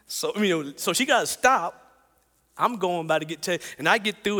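A man preaching with a high, bright voice, full of energy as he tells a story. He repeats phrases and chuckles as he speaks. The sound carries a long echo, as in a big church hall. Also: animated, a little fast. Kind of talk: sermon with personal story.

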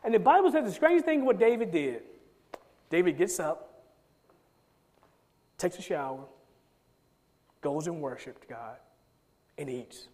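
A man preaching a sermon as pastor, emphatic and conversational, often repeating words in quick bursts as he drives a point home. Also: high voice, very animated, darkish tone. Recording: long reverb of a large hall.

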